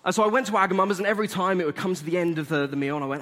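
A man's voice: sits high, animated, rapid-fire, few pauses, a bit bright, long reverb tail. A young man giving a sermon as a chatty, self-deprecating story. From England.

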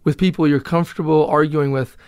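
Boston guy chatting loose and candid in an interview, swears a lot, clear smooth voice. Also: a little high, steady tone, brisk, a little mellow, no room sound, studio quality. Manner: candid, loose, profane, laughing easily. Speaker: actor and director guest. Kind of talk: casual interview talk.

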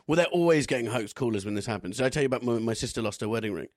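Male co-host, chatty anecdote teller, mid pitch, dry close recording. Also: lively intonation, very fast, darkish tone, no echo. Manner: chatty anecdotes with comic voices. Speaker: podcast co-host. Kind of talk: casual chat.

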